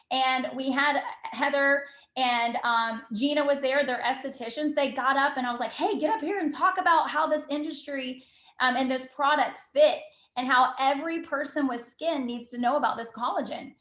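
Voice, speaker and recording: A woman giving an enthusiastic motivational talk on a team call, bubbly and quick, full of "you know" and "literally". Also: high-pitched, a bit bright, echoey room. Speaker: team call guest speaker.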